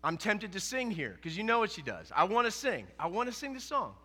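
Bright-voiced male pastor preaching in a reverberant hall. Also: sits high, brisk. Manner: animated, conversational preaching with quoted dialogue. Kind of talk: sermon.

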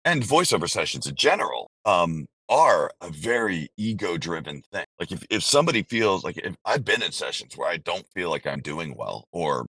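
A very low, bright-edged male voice with a husky grain, talking candidly and in long, rambling sentences that he keeps restarting. It sounds dry and close to the mic, with no room around it. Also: very animated, moderate pace, few pauses, no echo, low-quality recording. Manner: candid, rambling, self-interrupting. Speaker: voice actor guest. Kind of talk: casual interview conversation.

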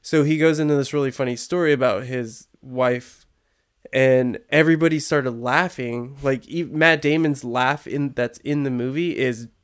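Relaxed man telling movie stories. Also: medium pitch, moderate pace, clean tone. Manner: relaxed storyteller, filler-heavy. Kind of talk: casual chat.

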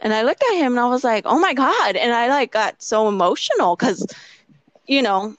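A woman's voice: on the high side, expressive, normal speed, no echo, lo-fi sound. Woman interviewee, casual anecdote, filler-heavy delivery, acts out dialogue, dry close recording. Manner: rambling with many "like" fillers. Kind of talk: casual storytelling.

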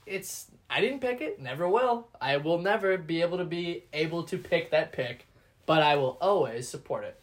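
A man co-hosting a casual sports podcast, his voice sitting a little on the high side. He tells things in a relaxed way, sets up the clips and laughs easily. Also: normal speed. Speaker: podcast co-host. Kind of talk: casual chat.

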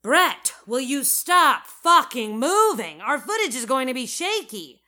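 A woman's voice: fairly low pitch, very animated, a little slow, a bit bright, full character voice. A woman voicing an impatient male documentary director in an audio story, snapping questions at the people he films. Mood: exasperated yelling. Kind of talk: audio drama narration.

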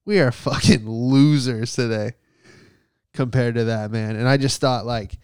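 A young man performing a stand-up bit, telling stories in a profane, animated way and acting out quotes. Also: medium pitch, a little slow, clean tone, no echo, clean studio sound. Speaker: stand-up comedian.

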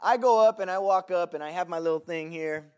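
Animated high-voiced preacher man. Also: brisk, clear, resonant tone. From Southern California. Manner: animated, swings from shouting to hushed. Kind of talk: sermon with storytelling.

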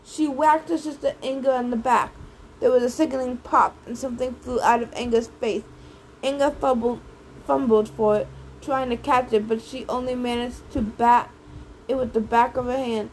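Woman reading an audiobook, high voice, faint hiss. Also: fairly even intonation, moderate pace, low-quality recording. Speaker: audiobook reader. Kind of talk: audiobook narration.

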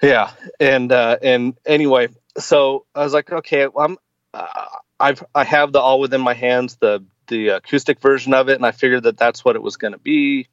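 A man's voice: mid-range voice, steady tone, normal speed, no echo, muffled recording. A man in his forties, a podcast guest, chatting casually and hesitantly with many fillers and restarts. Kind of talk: casual chat.

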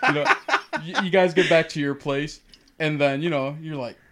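A young man with a slightly higher voice talks through a long, rambling story as he co-hosts a podcast. He laughs often and keeps the chat loose and casual. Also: normal speed, heavy background noise. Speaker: podcast co-host.

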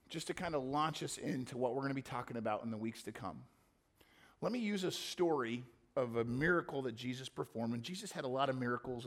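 A male pastor preaching a sermon, telling a story with dramatic shifts. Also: mid-range voice.

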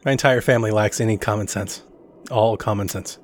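A man in his thirties co-hosting a casual chat, telling animated stories. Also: fairly low pitch, a little fast. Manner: animated storyteller, acts out family quotes with laughter. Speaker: podcast co-host.

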